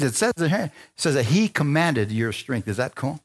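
A man pastor preaching a sermon, calling on the congregation for amens, dropping to low asides and climbing to loud, rising exhortation, with jokey self-deprecating remarks. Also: big pitch swings, normal speed, hardly any pauses. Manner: call-and-response preaching, asks the crowd for amens.

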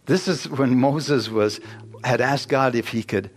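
A man's voice: medium pitch, moderate pace, slight background noise. A man preaching a sermon, emphatic and questioning his congregation, rising into exclamations. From United States.

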